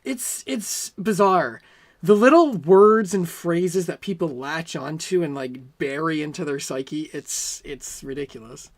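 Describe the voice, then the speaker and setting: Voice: medium pitch, a little slow. A young adult game streamer chatting casually with their audience while playing, rambling in a sarcastic, self-mocking way. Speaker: game streamer reading chat.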